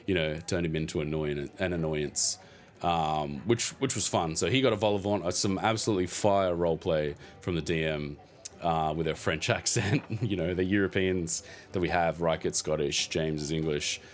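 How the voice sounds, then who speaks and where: A man's voice: low-pitched, fairly even intonation, moderate pace, faint music behind. A man hosting a podcast, casually recapping a tabletop game session in a rambling way, laughing now and then. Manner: rambling, many fillers, chuckles often.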